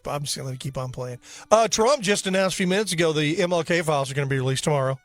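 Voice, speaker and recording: Joking high-voiced male radio host. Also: quick pace, no echo. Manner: joking, rambling, self-mocking. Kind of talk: casual talk radio chat.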